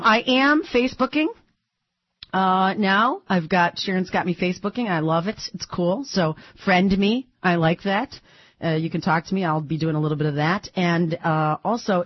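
A woman's voice: lowish voice, no echo. Chatty woman radio host. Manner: chatty and animated, thinking aloud with fillers. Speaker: radio talk show host. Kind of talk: talk radio monologue. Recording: dull, dry broadcast audio.

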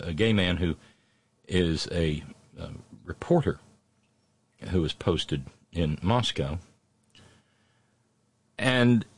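Man, low voice, slow and halting, sardonic, dry close sound. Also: husky, no echo. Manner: halting, many restarts and fillers. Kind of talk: rambling casual monologue.

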